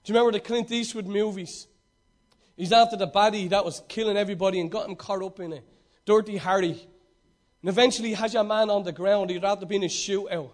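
A man preaches a sermon in a strikingly high voice for a man. He stresses his points and circles back to repeat them. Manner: emphatic, repeating key phrases.

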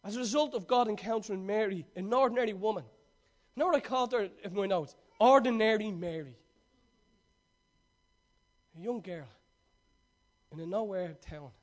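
A man preaching a sermon, reading scripture aloud and then retelling it with swings between loud emphasis and quiet asides. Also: high voice, moderate pace, pauses often.

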